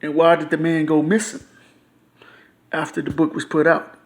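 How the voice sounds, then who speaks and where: A frustrated man, ranting to camera in a loose, profane, repetitive way. His voice sits a bit high for a man, and he keeps circling back to the same points. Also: flat delivery, moderate pace. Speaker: YouTuber. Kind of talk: casual ranting monologue.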